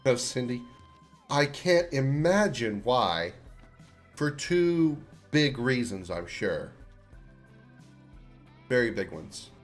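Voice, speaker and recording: A man's voice: medium pitch, very animated, slow pace, long pauses. A man streaming a video game, chatting casually and joking, with lots of fillers and restarts. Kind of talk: casual gameplay commentary. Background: faint game music.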